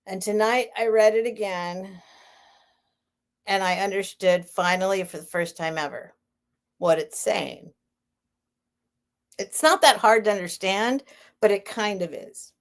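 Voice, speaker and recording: A woman's voice: medium pitch, a little slow, long pauses. A woman casually chatting on a live stream as she hosts a vintage sale, rambling and laughing as she interrupts herself. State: near tears.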